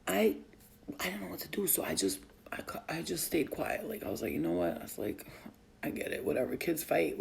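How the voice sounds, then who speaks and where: Casting note: a mother vlogging, gravelly dark voice, swears and laughs through her story, faint noise behind. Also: fairly low pitch. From Albanian family. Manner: profane, laughing, animated storytelling. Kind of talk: casual storytelling.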